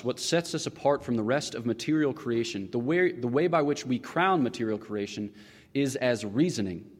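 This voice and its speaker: A man's voice: medium pitch, darkish tone, big-room sound. A man giving a classroom lecture in a rhetorical, questioning manner, often checking in with his listeners.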